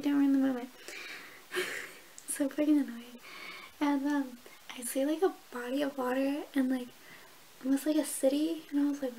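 A woman's voice: sits high, steady tone, brisk, dark tone, slight background noise, rough recording. A young woman casually telling stories and chatting while doing her makeup, swearing and laughing often. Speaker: beauty vlogger. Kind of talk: casual get-ready-with-me chat.

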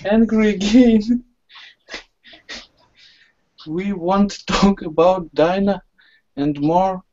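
A woman's voice: lowish voice, darkish tone. A woman student reading a story aloud in an online class, stumbling, correcting herself and laughing. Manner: slow halting reading with self-corrections and laughs. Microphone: video call. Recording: dull lo-fi online call audio.

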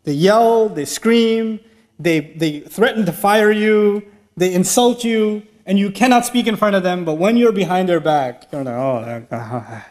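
A middle-aged man giving a lively, humorous lecture to a live audience in a large mosque hall, telling stories with jokes and laughs. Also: high voice, measured pace. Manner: animated storytelling with humor and laughs. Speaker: speaker giving an Islamic talk.

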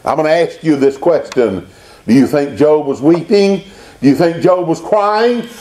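A pastor preaching a Baptist sermon, rising into emphatic bursts and reading scripture aloud. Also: male voice, fairly high pitch, expressive, moderate pace, mellow.

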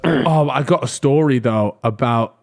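A young British man on a podcast, telling a story in a casual, animated way, swearing freely and often restarting his sentences. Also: medium pitch, unhurried, creaky, soft background music. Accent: British English. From Britain. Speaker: podcast co-host.

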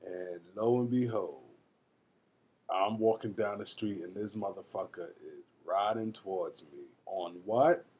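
A young man vlogging, telling a story to the camera in a casual, animated way, swearing often. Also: low voice, unhurried, a little hiss or hum.

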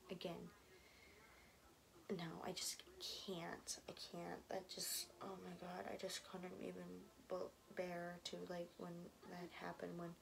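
A woman's voice: lowish voice, gravelly. Rambling young woman telling a story. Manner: rambling, with many fillers and restarts; drops to a whisper now and then. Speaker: vlogger. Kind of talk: casual storytime.

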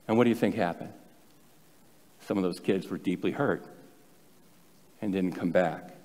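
A man's voice: low-pitched, moderate pace, pauses often, a little mellow. A male pastor preaching a sermon, telling stories in a conversational way with self-deprecating asides. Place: church sanctuary. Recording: long hall reverb.

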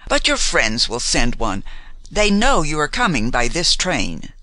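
A man's voice: fairly high pitch, wildly swooping pitch, a little slow, sharp tone, dry recording, exaggerated voice, poor audio. A man reading as a prying haughty society lady. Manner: prying, condescending, affable on the surface. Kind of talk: audiobook character reading.

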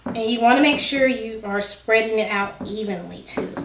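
A woman's voice: on the high side, normal speed, far from the mic, background noise. Breathless woman chatting in a kitchen. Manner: chatty and folksy, talks straight to viewers. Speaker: cooking vlogger. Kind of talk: casual cooking demonstration. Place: home kitchen. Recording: roomy kitchen, mic set back.

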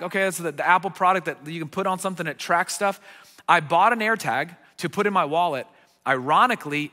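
A middle-aged man preaching a sermon as a guest pastor, telling a story with lively acted-out voices. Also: sits high, big-room sound. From United States. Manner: animated storyteller, acting out quoted voices. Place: church sanctuary.

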